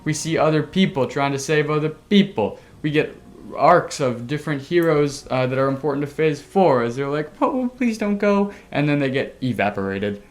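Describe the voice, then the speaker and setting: A man hosting a casual podcast, telling a story excitably with sound effects and the odd swear word. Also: mid-range voice, moderate pace, hardly any pauses. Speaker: podcast host.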